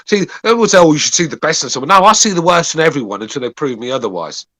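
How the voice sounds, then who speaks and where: A man's voice: fairly high pitch, lively intonation, rapid-fire, fairly bright tone, no echo. A man co-hosting a call-in boxing podcast, grumbling and sarcastic in casual banter. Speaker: podcast co-host.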